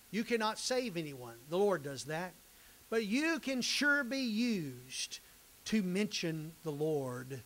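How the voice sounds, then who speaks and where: A man's voice: a little high, fairly bright tone, rough recording. An older man teaching a Bible class in a folksy, conversational way. He reads scripture, repeats phrases for emphasis and jokes with his students.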